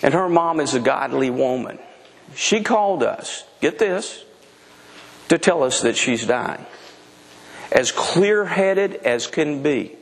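A man's voice: a little high, lively intonation, slow, gravelly, long reverb tail. A middle-aged man preaching a sermon in a frank, emphatic way, often restarting his sentences. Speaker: pastor.

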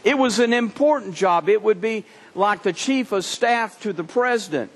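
A man preaching a sermon, telling a scripture story in an animated way and often repeating words as he restarts. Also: sits high, moderate pace, few pauses. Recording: long reverb from a hall.

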